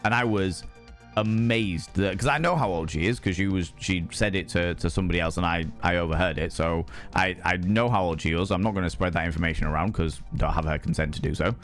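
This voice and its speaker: A man hosting a livestream and chatting casually with viewers, slightly hoarse and husky from drinking, theatrical and flamboyant, often leaping into high mock voices. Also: a little fast, a bit bright, faint music behind. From Ireland. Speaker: livestream host. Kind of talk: casual chat reading viewer messages.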